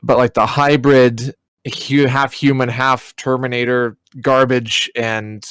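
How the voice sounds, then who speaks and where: A man co-hosting a podcast, casually ranting about disappointing movies with animated storytelling and plenty of swearing. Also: medium pitch, takes it slowly, smooth, no room sound. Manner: animated storytelling, mimics people mid-rant, swears freely. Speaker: podcast co-host. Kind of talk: casual chat.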